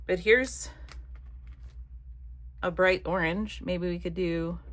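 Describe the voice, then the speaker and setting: A woman chatting casually while she crafts, rambling from one thought to the next and dropping soft muttered asides. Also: on the low side, fairly even intonation, slow. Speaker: craft vlogger.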